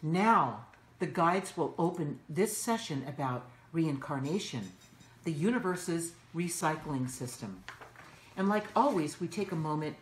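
A woman hosting a spiritual session, guiding listeners in a soothing, instructive way. Her voice sits low and she speaks unhurriedly. The room sounds echoey around her. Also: expressive, a little slow. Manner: soothing, instructive, repeats cues like "okay". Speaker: host of a channeling show. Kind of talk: guided spiritual talk.

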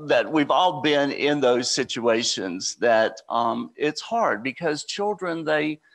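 A man's voice: mid-range voice, vocal fry, a bit bright. A man from the United States giving a conversational inspirational talk at a spiritual center, slipping into storytelling. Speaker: spiritual speaker.

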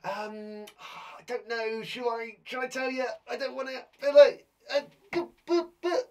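A man's voice: very high-pitched, fairly even intonation, a little slow, a little mellow. A playful man, a young adult primary school teacher giving a live online lesson for children with theatrical, chatty reactions.

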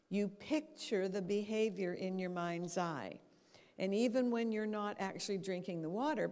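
Gravelly woman speaker in a big hall. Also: mid-range voice. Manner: lively storytelling, acts out quotes. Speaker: guest speaker. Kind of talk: talk on habits. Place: church hall. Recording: reverberant hall.

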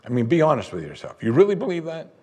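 A man preaching a sermon as pastor, conversational, voicing his listeners' doubts in a higher voice. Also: sing-song, quick pace, darkish tone. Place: church sanctuary.

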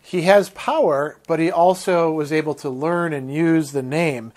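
Male lecturer, fairly high voice, thoughtful, restarts his sentences as he explains a book. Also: steady tone, measured pace, a little mellow. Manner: thoughtful, hesitant restarts, reads passages aloud. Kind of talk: literature lecture with readings.

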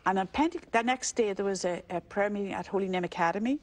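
An older Irish woman, a religious sister, telling her story in a relaxed interview. Her voice is husky and a little breathy, with a middle pitch, and she slips into the voices of the people she talks about. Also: quick pace. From Ireland. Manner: animated storyteller who acts out the voices in her story and laughs often.

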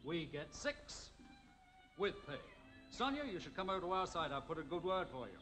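An actor playing a suave British male spy in a 1960s TV comedy sketch, smooth and dryly ironic, over music. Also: a little high, sing-song, moderate pace. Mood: playful.

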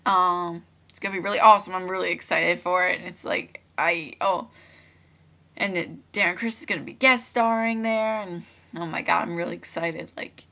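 Young female vlogger, lowish pitch, bright tense tone, rambling webcam chat into a laptop mic. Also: fairly even intonation, fairly quick, creaky. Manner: chatty and rambling, with many fillers and restarts. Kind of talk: casual webcam vlog. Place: room at home. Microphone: laptop built-in mic.

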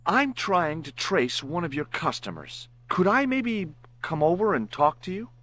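An actor playing a persistent, wisecracking amateur sleuth in a point-and-click adventure game, asking around with dry humor. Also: male voice, sits high, sing-song, unhurried, fairly bright tone, no echo, exaggerated voice, low-quality recording. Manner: dry, sarcastic quips. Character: wry American male tourist sleuth, persistent.

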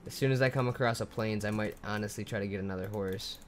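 A man's voice: on the low side, steady tone, fast, a little hiss or hum. A young man giving casual, profane commentary while he plays a video game, thinking aloud as he goes. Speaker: gamer.

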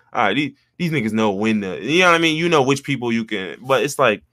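Podcast co-host, male, lively storyteller, bright voice, big pitch swings, dry close mic. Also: a little fast, no echo. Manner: animated, jumps into high mimicking voices for quotes. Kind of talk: casual storytelling chat.

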